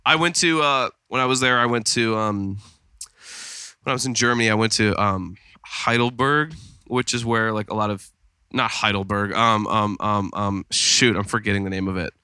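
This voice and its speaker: Guy cohosting a podcast, super bright voice, rambles with lots of ums, dry close mic. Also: fairly low pitch, moderate pace, clean tone, dry recording. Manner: rambling storyteller with many fillers. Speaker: podcast co-host. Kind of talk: casual chat. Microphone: studio podcast mic.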